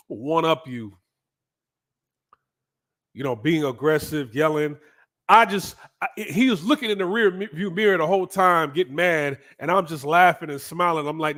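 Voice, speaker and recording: Man telling a casual travel story, lively and crude, slightly higher voice. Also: measured pace, long pauses. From United States. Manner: animated, profane, frequent "right?" asides. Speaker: vlogger.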